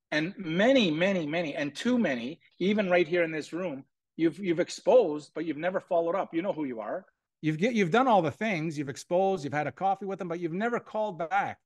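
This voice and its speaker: In a room full of people, an energetic man with a fairly high-pitched voice gives a motivational sales training talk. He repeats himself a lot and acts out sample phone calls.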